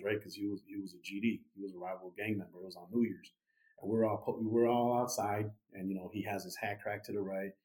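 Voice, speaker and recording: Lowish-voiced man telling a story. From United States. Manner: animated, many fillers like "you know" and "right". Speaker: podcast guest. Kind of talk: casual storytelling.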